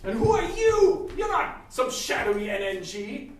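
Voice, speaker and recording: A man improvising an excitable male gnome detective who exclaims and blusters. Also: very high voice, measured pace, exaggerated voice. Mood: indignant. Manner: jumpy, exclaiming. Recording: echoey stage, distant mic, faint noise.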